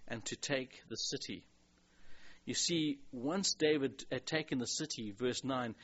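A man's voice: mid-range voice, a bit bright, slightly rough. A man from South Africa with a South African accent, teaching a Bible passage as a pastor in a chatty, digressive way with many restarts. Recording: dull lo-fi recording.

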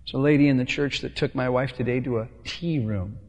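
A man's voice: medium pitch, a little fast. A male pastor preaching a sermon in a conversational, playful way, acting out bits of dialogue. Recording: long hall reverb.

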